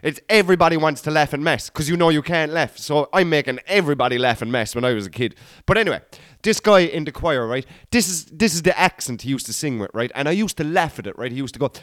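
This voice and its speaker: Talking fast in a high, expressive voice with a fairly bright tone, this Irish man from Cork, in his thirties, chats through a casual storytelling monologue on his comedy podcast. He rambles, addresses his audience as "guys" and "boy," and sounds studio quality with no echo.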